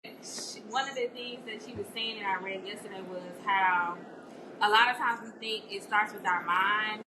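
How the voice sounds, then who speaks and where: A woman's voice: mid-range voice, normal speed, recorded from a distance. A woman sharing a candid personal reflection in a chatty way, often saying "you know". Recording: echoey room, off-mic, noisy.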